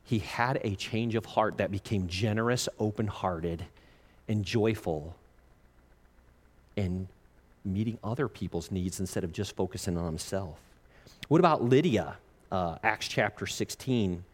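A man preaching a sermon as a pastor, animated and jokey, laughing often and acting out the lines he quotes. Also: lowish voice, a little slow. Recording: long reverb of a large hall.

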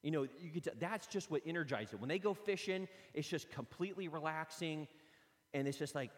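A man preaching a sermon, telling lively personal stories and acting them out. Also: a little high, fairly quick. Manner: animated storytelling, acts out his own stories. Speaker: pastor. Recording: long hall reverb.

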